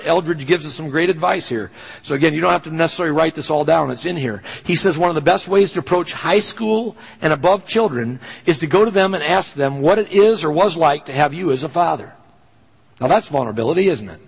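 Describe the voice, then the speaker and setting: A man's voice: fairly high pitch, fast, gravelly, slightly rough, in a large hall, poor audio. A man pastor preaching a sermon, telling a personal story in an earnest, conversational way.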